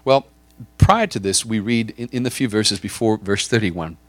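A man's voice: lowish voice, normal speed, a bit bright, no room sound. Man, pastor, sermon, dramatic storytelling, repeats words, dry close sound. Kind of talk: sermon, vivid retelling.

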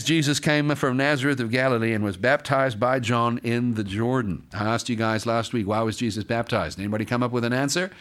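A pastor reading scripture aloud during a sermon, breaking off often to comment and joke with the congregation. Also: male voice, medium pitch, fairly quick, fairly bright tone.

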